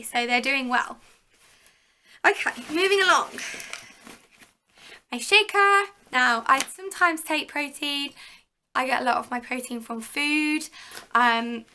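Bright, gravelly-voiced young woman vlogging. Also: sits high. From England. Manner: chatty, lots of fillers, addresses viewers. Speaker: fitness vlogger, personal trainer. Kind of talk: casual show-and-tell vlog.

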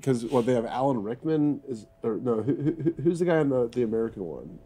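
A man with a mellow, warm tone and a middle pitch chats in a relaxed, rambling way while playing a game. He talks easily among friends. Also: brisk. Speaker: gamer playing on stream.

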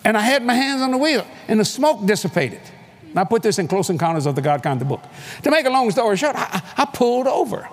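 A man's voice: high voice, big pitch swings, fast. An older man preaching, telling a story with acted-out voices, hollers and laughs. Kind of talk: animated storytelling sermon. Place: large convention hall.

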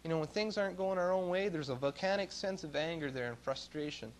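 A middle-aged Canadian man preaching in church, his voice sitting a little above the usual male range. He tells homey stories in a folksy way, pushing some words out loudly and dropping others to quiet asides. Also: quick pace, slight background noise. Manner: folksy storytelling, swings between loud emphasis and low asides. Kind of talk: sermon.

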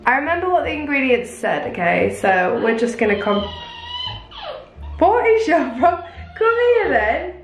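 A woman's voice: sits high, very animated, moderate pace, music in the background. A young woman vlogging casually from home, chatting and cooing at her dog in a sing-song baby voice.

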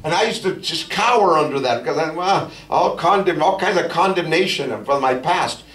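A man's voice: a little high, expressive, normal speed, recorded from a distance. Fervent preaching man in echoey church. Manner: testimony preaching, rising to fervent shouts. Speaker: pastor. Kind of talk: sermon. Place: church sanctuary.

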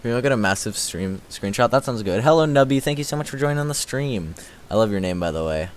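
A man streaming a game live, chatting casually with a slightly raspy voice and thanking viewers as he plays. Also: medium pitch, expressive, quick pace, a little hiss or hum. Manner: chatty, thanks viewers, repeats filler words. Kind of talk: casual livestream commentary while playing.

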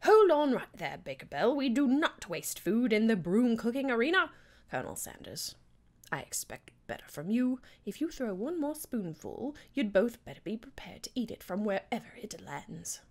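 A woman's voice: a little high, big pitch swings, moderate pace, voice pushed up. A woman voicing a strict corgi judge in a game, speaking in a stern, scolding way. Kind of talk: game dialogue read aloud.

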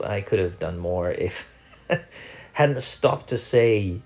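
A man's voice: fairly low pitch, animated, slow, a little mellow, soft background music. A young man, host of a gaming channel, giving chatty, self-mocking commentary over his own gameplay.

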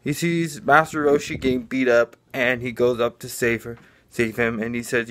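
A man's voice: medium pitch, steady tone, moderate pace, fairly bright tone. A man casually improvising a fan story, rambling, with many restarts and fillers.

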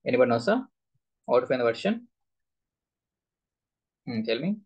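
A man's voice: mid-range voice, big pitch swings, normal speed, pauses often, a little mellow, husky. A man teaching a live SQL class, quizzing students with repeated questions. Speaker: SQL instructor.

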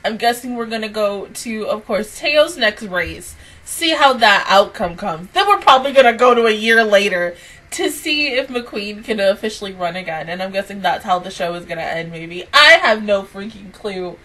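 A woman's voice: mid-range voice, lively intonation, normal speed, bright, forceful tone, recorded from a distance, low-quality recording. A woman hosting an anime reaction video, chatting casually while crying and laughing between words and exclaiming. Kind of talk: emotional casual reaction chat.

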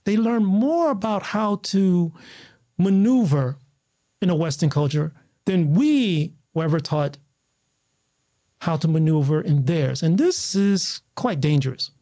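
A man from the United States, a guest on a talk show, telling stories in an excitable, animated way with many restarts. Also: fairly high pitch, measured pace. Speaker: guest, martial artist. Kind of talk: casual conversational storytelling.

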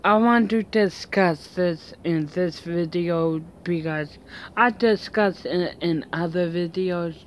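A woman's voice: fairly low pitch, slow pace, slight background noise. A woman vlogging outdoors at home in a casual, rambling chat full of fillers and restarts.

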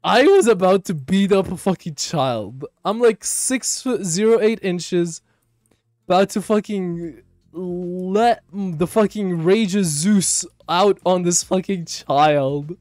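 A young man and streamer telling a story casually while gaming, slangy and profane, dropping to low mumbles and then bursting out loud. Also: slow pace, no room sound, clean studio sound. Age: young adult. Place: home room.

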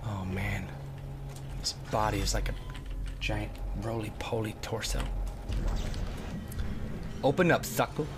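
A man giving jokey, excitable let's play commentary and talking back to the game as he plays. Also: fairly low pitch, slow, long pauses, noisy background. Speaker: gamer.

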